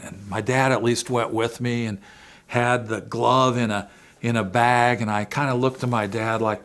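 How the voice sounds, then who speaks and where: A man speaking to parents in a faith-based family talk, telling a personal story earnestly and swinging between hushed and emphatic moments. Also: medium pitch, steady tone, moderate pace, smooth. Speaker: Christian family-series speaker.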